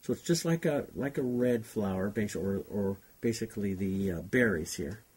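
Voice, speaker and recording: In a relaxed painting demonstration, a male instructor chats unhurriedly and muses aloud as he works. He speaks at a normal speed in a lowish, slightly mellow voice with a breathy edge.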